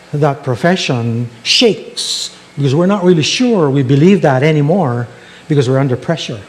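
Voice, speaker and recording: A man's voice: on the high side, slight background noise. A male pastor preaching a sermon, telling stories and asking rhetorical questions.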